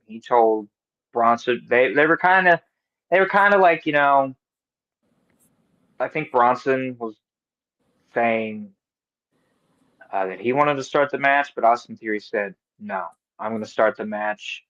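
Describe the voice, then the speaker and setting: Casting: podcast co-host man, lively and profane, on a dull lo-fi mic. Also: medium pitch. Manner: animated, swears, does quick voices of the people he quotes. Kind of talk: casual wrestling recap chat. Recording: dull lo-fi recording.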